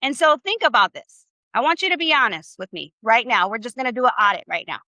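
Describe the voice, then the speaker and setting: An upbeat woman leads a live online class, cheering her students on in casual, slangy talk. Her voice is quite bright and forceful and sits a little high. The sound is dry and close, with no room echo. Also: lively intonation, fast. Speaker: Spanish teacher.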